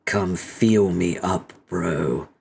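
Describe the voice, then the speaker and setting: A man's voice: deep voice, drawn-out words, gravelly, darkish tone, a little hiss or hum, full character voice. A man voicing a crude, pushy male robot who brags nonstop about his muscles. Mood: boastful pushy. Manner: insistent, crude bragging.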